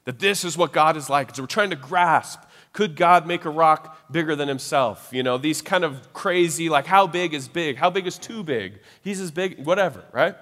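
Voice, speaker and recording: A man preaching a sermon in a casual, conversational way, often checking in with his listeners with quick tag questions. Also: a little high, fairly bright tone, big-room sound.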